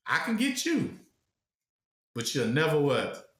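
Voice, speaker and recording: A man preaching to a small group with a high, bright voice that rings around an echoey room. He keeps asking questions and leaves the gap for the listeners to fill in, talking loose and conversational rather than polished. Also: huge pitch swings, takes it slowly. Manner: rhetorical questions, congregation fills the blank; casual, colloquial speech. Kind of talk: call-and-response teaching.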